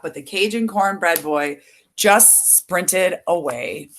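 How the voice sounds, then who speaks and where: Lady reading a picture book out loud, low-ish voice, super slow, stops to explain stuff. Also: slight background noise. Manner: adds explanatory asides for listeners. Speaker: storyteller.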